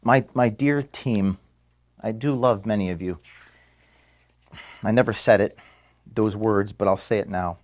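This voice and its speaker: A man, the founder of an organization, giving an earnest farewell speech to his staff in an office. He is emotional and halting, with restarts and pauses, and is being filmed. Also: on the low side. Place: office room at headquarters. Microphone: filmed by camera.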